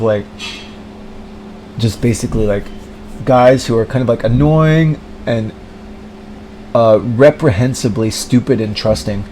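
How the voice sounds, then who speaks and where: A man's voice: lowish voice, a little mellow, slight background noise, low-quality recording. A man ranting in a rambling monologue, full of filler words and mocking impressions of other people. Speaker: vlogger.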